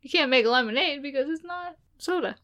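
A young woman co-hosting a casual chat, giggly and quick to act out silly voices. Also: high voice, fairly bright tone.

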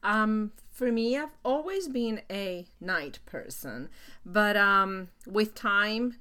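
A middle-aged mother sits in on her daughter's podcast and chats casually. Her voice is bright and ringing, and she stops and restarts her sentences often, laughing between thoughts. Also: mid-range voice, lively intonation, slow pace. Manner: hesitant, laughing, many restarts. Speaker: guest parent.

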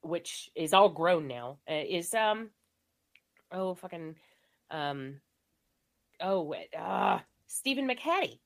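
A woman's voice: lowish voice, expressive, slow pace, vocal fry, pauses often. A woman co-hosting a casual movie podcast, rambling with lots of fillers and frequent laughter. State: recovering from illness. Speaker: podcast co-host.

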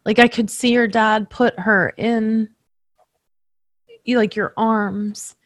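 A woman working as a medium, tenderly recounting a reading to the person she read for, emotional and halting. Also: fairly high pitch, steady tone, dry recording, clean studio sound.

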